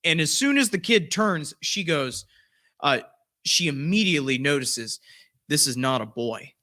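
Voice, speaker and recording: A man's voice: a little high, lively intonation, a little slow, bright, forceful tone. A man who hosts a podcast, telling a story casually and rambling, with many fillers and restarts. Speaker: podcast host.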